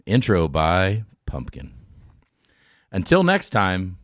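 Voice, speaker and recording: A man's voice: low-pitched, wildly swooping pitch, takes it slowly, fairly bright tone, no echo. A man reading a scripted podcast outro in an upbeat announcing manner. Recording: dry mic with faint music behind.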